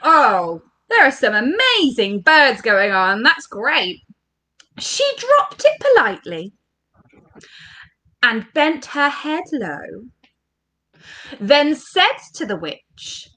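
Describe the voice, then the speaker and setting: A woman's voice: a little high, huge pitch swings, slow, pauses often, pushed and bright. A woman with an English accent leading an interactive storybook reading for children, coaxing them to join in. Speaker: education workshop leader. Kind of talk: interactive read-aloud for children. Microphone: home recording for online workshop.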